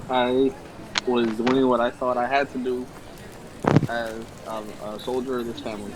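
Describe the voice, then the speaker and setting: A man's voice: medium pitch, flat delivery, normal speed, very noisy. A man speaking hesitantly in character as a player in a tabletop game. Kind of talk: in-character tabletop role-play.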